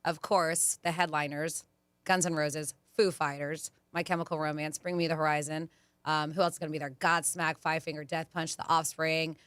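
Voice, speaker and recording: A woman hosting a radio show, chatting casually and reading out event deals with quick asides. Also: low-pitched, little pitch movement, a bit bright, clear, resonant tone, no room sound. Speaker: radio host.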